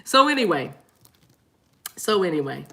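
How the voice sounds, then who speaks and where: Bright-voiced chatty woman reader. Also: lowish voice, sing-song, measured pace, gravelly, a little hiss or hum. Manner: chatty, laughing, repeats herself. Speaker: tarot card reader. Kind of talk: casual spiritual reading chat.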